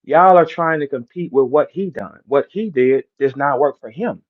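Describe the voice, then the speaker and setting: A man's voice: on the high side, normal speed, phone-quality sound. A man from St. Louis with a St. Louis accent, boasting and trash-talking in a brash, repetitive live-stream rant. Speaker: battle rapper hosting a live audio room.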